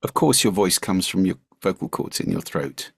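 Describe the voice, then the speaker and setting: Gravelly older man, husky and low. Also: animated, no echo, clean studio sound. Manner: measured, articulate, slips into demonstration voices. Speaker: guest speaker. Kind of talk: podcast interview, explaining speaking skills.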